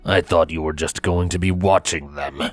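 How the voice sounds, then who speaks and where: A man's voice: rumbling low, fairly even intonation, moderate pace, soft background music, voice pushed down. A man voicing a large, hostile male griffin brute who growls and accuses. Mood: accusing.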